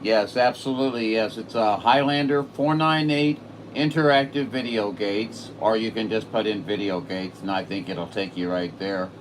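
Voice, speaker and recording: A man on his home radio setup, chatting excitedly on the air with a distant station. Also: fairly low pitch, normal speed, slight background noise. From Saint Louis, Missouri. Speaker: radio operator streaming live. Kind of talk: casual radio chat.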